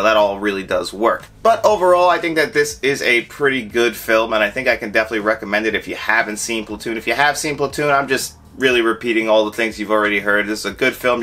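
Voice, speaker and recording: A young adult man giving a casual spoken film review, animated and acting out his own reactions. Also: lowish voice. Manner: animated, acts out quoted reactions.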